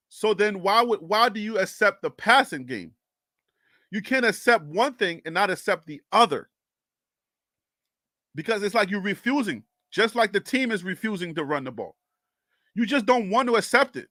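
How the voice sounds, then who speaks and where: Man, Liberian English accent, sports live-streamer, exasperated, high-pitched, dry sound. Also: normal speed, no room sound. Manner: animated and exasperated, repeats questions. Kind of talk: live stream, answering chat comments.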